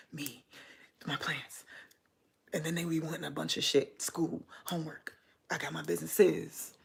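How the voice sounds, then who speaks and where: A woman talks straight to her camera in a loose, casual vlog, venting about her busy life. Her voice carries a gravelly, fry-heavy texture. She speaks bluntly and swears freely, rambling from one thought to the next. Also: deep voice. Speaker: vlogger and small business owner.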